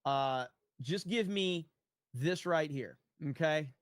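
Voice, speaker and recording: A man's voice: fairly high pitch, animated, slow, no room sound. Profane, rambling male streamer, dry sound. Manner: profane, rambling, reads chat aloud. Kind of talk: casual livestream chat.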